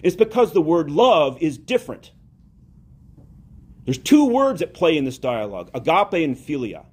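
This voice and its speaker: A man preaching a homily, telling a story with lively acted-out dialogue. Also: on the high side, normal speed, husky. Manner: animated storytelling, acts out quoted dialogue.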